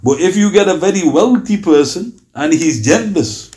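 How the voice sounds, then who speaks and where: A man's voice: high-pitched, lively intonation, moderate pace, a little mellow. A man teaching an Islamic lesson, emphatic and full of rhetorical questions, dropping Arabic phrases into his English. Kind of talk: religious lecture.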